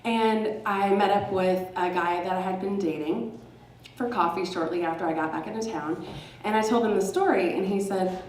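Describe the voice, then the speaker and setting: A woman's voice: medium pitch, moderate pace, a little mellow, slight background noise. Sarcastic woman telling a story on stage. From Texas. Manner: sarcastic, laughing, casually profane. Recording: roomy hall, mic at a distance.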